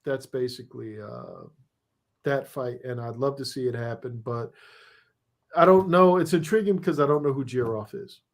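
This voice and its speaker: Male guest, casual and self-deprecating, relaxed delivery with frequent fillers. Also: medium pitch, normal speed, creaky. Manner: laid-back, self-deprecating, many fillers. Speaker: guest, comics and TV writer. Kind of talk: casual interview chat.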